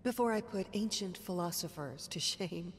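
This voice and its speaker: A woman's voice: on the low side, moderate pace, long reverb tail, crowd noise, lightly acted. An actress voicing a weary woman in a horror game who speaks in a dry, reflective, self-mocking way. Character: wry injured woman recovering, weary. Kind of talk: game dialogue.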